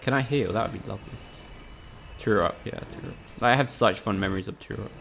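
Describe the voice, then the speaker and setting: A man with a low, gravelly voice streams a game and talks to his chat. He swears often and jokes sarcastically. A faint hiss of noise sits under the recording. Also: fairly quick, a bit bright. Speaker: gaming streamer. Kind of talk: casual live-stream commentary.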